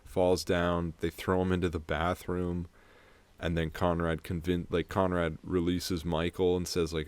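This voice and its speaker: Low-voiced man rambling through a recap. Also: little pitch movement, darkish tone, clean tone, dry recording. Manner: rambling, swears freely, acts out scenes in quick put-on voices. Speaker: podcast co-host. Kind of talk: casual film recap chat.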